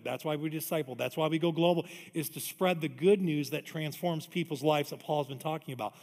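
A middle-aged man preaching a sermon in a church, emphatic and energetic, with quick conversational asides. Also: mid-range voice, gravelly. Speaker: pastor. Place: church auditorium. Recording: long reverb of a large hall.

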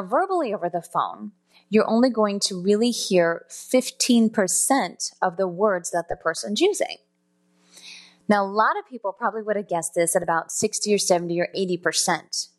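A woman teaching customer service phone skills in a spoken lesson, explaining step by step and now and then correcting herself. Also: fairly low pitch. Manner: explanatory, self-correcting, demonstrates tones aloud.

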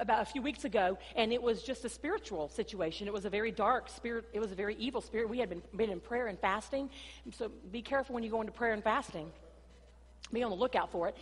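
A woman pastor with a drawl preaches with lively, storytelling energy. Her voice sits a little high for a woman. It rings out with the long reverb of a big hall. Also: quick pace. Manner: animated storytelling, addresses congregation as "y'all". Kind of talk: sermon.

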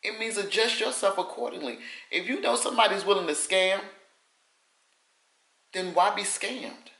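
A woman's voice: medium pitch, normal speed, creaky, fairly bright tone, roomy sound, poor audio. A woman vlogger giving casual advice to the camera, emphatic and repeating her points with folksy sayings.

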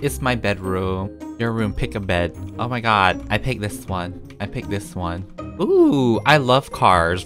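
A man's voice: on the low side, a little slow, fairly bright tone, soft background music. A man giving casual gameplay commentary as a gaming YouTuber, giggly and mischievous and laughing often.

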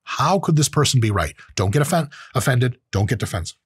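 A man's voice: mid-range voice, animated, a little fast, slightly rough, dry recording, studio quality. A man hosting a show, giving advice in a casual, profane, joking monologue. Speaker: podcast host.

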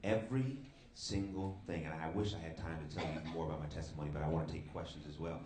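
A man giving his faith testimony to a live youth audience in a big hall, lively, calling out to the crowd and rising sharply in pitch when he gets excited. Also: quick pace, noisy background.

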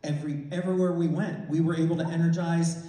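A man's voice: fairly high pitch, little pitch movement, quick pace, warm tone. A man giving a testimony sermon about a mission trip, storytelling and acting out dialogue with frequent restarts and self-corrections. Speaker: minister reporting on a mission trip. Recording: echoey hall, mic far off.

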